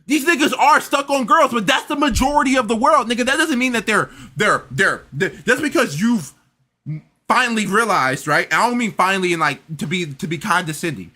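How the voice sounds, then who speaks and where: A man's voice: high voice, expressive, brisk, pushed and bright. A young man reacting to a video in casual commentary, incredulous and stammering through restarts.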